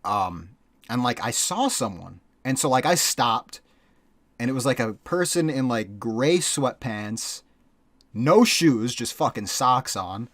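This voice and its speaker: A man's voice: mid-range voice, lively intonation, slow pace, a bit bright, no echo. Rambling, profane young man telling a story. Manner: profane, rambling, full of fillers. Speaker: podcast co-host. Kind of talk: casual storytelling chat.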